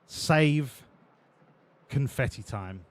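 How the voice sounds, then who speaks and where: A man streaming a racing game live. He talks to his chat with excitable, profane banter. His voice sits at an ordinary middle pitch. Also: drawn-out words.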